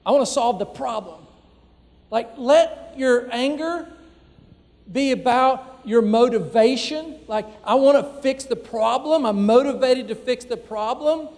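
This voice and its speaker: A man's voice: very high voice, measured pace, darkish tone. A man preaching a sermon as pastor, talking conversationally with frequent fillers, recorded in a church sanctuary. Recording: long church hall reverb.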